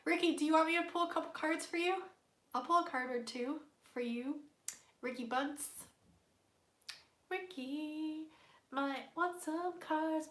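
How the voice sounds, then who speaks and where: A woman's voice: high-pitched, pushed and bright, echoey room. A playful, giggly woman with a stuffy nose, chatting casually as a tarot reader on a live stream. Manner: playful and giggly, hums silly tunes.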